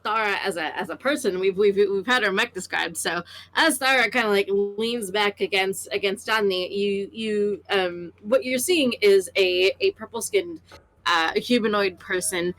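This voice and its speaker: A woman's voice: mid-range voice, animated, moderate pace, a bit bright. A woman player in a tabletop role-play game, describing her character with many fillers and restarts.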